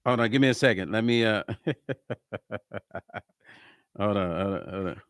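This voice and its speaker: A middle-aged man, a musician and producer, chatting casually in a vlog while he builds a track, excitable and slangy, forever saying hold on. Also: fairly low pitch, moderate pace, clear, resonant tone, no room sound, studio quality. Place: music studio.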